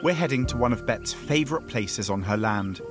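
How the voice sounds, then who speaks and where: A man's voice: mid-range voice, lively intonation, normal speed. A man presenting a travel documentary, narrating and interviewing outdoors in the bush with an encouraging manner. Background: background music.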